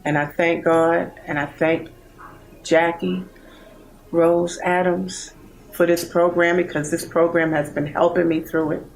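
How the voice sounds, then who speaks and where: Gravelly-voiced grieving woman in her sixties. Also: lowish voice, little pitch movement, a little hiss or hum, low-quality recording. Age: 60s. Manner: heartfelt, halting, grieving. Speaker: bereaved mother in a support program. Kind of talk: personal testimony.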